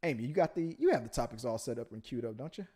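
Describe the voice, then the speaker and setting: A man's voice: medium pitch, animated, racing, dark tone, breathy edge. A man from Texas hosting a casual podcast chat, talking with frequent restarts and hesitations. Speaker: podcast host.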